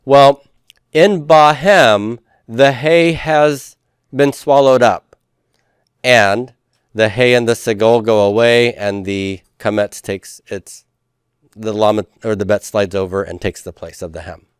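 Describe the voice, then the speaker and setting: Slow, clear-voiced male teacher. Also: fairly low pitch, steady tone, dry recording, clean studio sound. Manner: patient, leads students through call-and-response drills. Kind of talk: classroom lecture.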